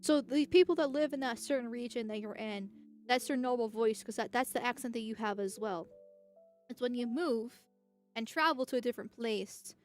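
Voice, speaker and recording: A woman's voice: on the high side, normal speed, soft background music. A young woman from the United States talking casually on a livestream, rambling and chatty with lots of restarts and laughs. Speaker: political streamer.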